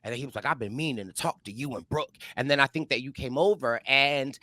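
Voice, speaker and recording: A young man chats on a podcast, bright and forward in tone. He tells stories with energy, slipping into voices for the people he quotes. The sound is close and dry. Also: mid-range voice, fast, no echo. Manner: animated storyteller, acts out quotes, many fillers. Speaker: podcast co-host. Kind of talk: casual chat.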